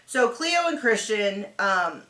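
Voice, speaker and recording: A woman's voice: medium pitch, takes it slowly, echoey room. A woman hosting a casual reality show recap, talking animatedly and acting out what the people on the show said. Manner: animated, acts out quotes in voices. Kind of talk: casual commentary.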